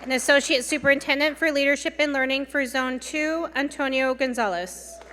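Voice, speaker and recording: A high, bright woman's voice announces each speaker in a crisp, formal manner. Her voice rings through a large hall with a long reverb, over a faint murmur of the crowd. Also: normal speed, a little hiss or hum. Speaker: ceremony emcee. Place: large hall at a graduation ceremony.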